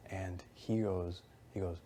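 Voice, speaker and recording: A man's voice: sits low, steady tone, slow, mellow, slight background noise. A young man in casual conversation, retelling events in a rambling, heated way, quoting others and swearing often. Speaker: reality show houseguest.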